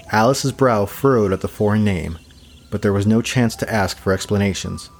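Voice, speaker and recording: Low-voiced man narrating a fantasy tale. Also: normal speed, faint music behind. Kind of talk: scripted storybook narration.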